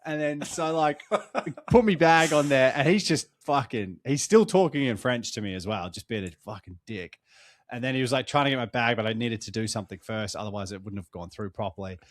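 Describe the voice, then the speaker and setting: A man's voice: medium pitch, a little fast, no echo. A young Australian man, tired after a long trip, telling stories in a casual chat, swearing freely as a podcast co-host. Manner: swearing, animated storytelling.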